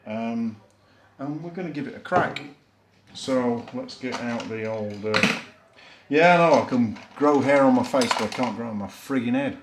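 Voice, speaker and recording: A man's voice: medium pitch, moderate pace, background noise. Chatty Yorkshire man reviewing beer. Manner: chatty, self-deprecating, rambling with fillers. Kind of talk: casual beer review vlog. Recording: echoey room.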